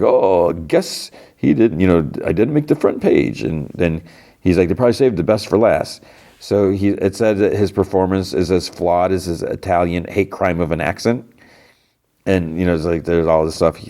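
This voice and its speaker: Male podcast host, deep voice, loose casual recap, lots of filler and restarts. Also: a little mellow. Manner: rambling, full of "like" and "you know", frequent restarts.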